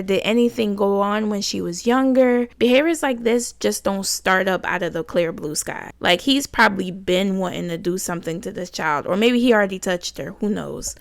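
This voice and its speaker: A woman's voice: medium pitch, moderate pace, hardly any pauses, clear, resonant tone, no room sound, studio quality. A woman hosting a reaction channel, reading out text messages in casual commentary and reacting bluntly with exasperation. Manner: blunt, exasperated, rising loud when indignant.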